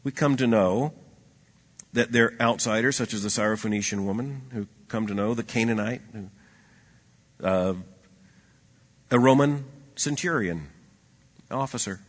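A man preaches a sermon in a husky voice, middle-pitched. He pushes some lines out loud and emphatic, then drops others to a hushed, low aside. The sound carries a long reverb, as in a large hall. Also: measured pace, long pauses.

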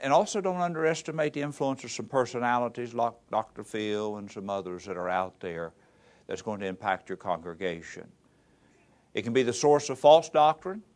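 A middle-aged pastor teaches students and slips into homespun anecdotes as he goes. His pitch sits mid-range but swings widely, giving the talk an animated, story-telling lilt. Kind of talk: lecture with folksy anecdotes.

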